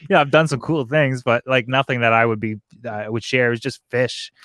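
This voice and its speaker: A man's voice: mid-range voice, fairly quick, no echo, clean studio sound. A man who runs an aquarium channel, talking casually on a live stream with many restarts and fillers. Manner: rambling, restarts sentences, animated. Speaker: aquarium YouTuber.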